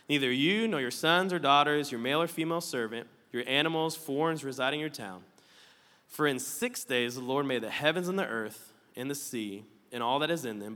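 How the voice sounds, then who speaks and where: Bright-voiced pastor preaching in a reverberant hall. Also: male voice, on the high side. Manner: conversational, playful asides. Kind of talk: sermon. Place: church auditorium with slides.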